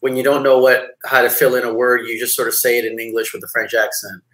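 A man's voice: medium pitch, flat delivery, fast, fairly bright tone, echoey room, rough recording. A man in his forties from Montreal, a label founder talking as an interview guest in a rambling casual way with many fillers and restarts. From Montreal, Canada.

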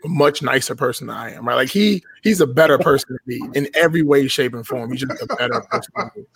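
A man's voice: mid-range voice, fast, creaky, fairly bright tone, breathy edge, no room sound. A young man telling a story on a podcast in a casual, blunt and profane way. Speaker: podcast guest.

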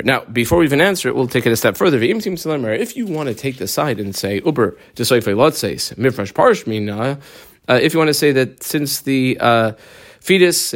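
Pausing often and using plenty of fillers, a medium-pitched man gives a Talmud lesson, reading out Aramaic phrases and explaining them in English.

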